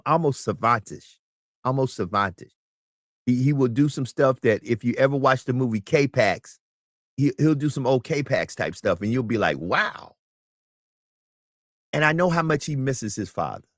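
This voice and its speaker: A man's voice: medium pitch, no room sound, studio quality. A man speaking as a talk show guest, emphatic and preachy, often repeating his words. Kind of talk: casual talk show chat.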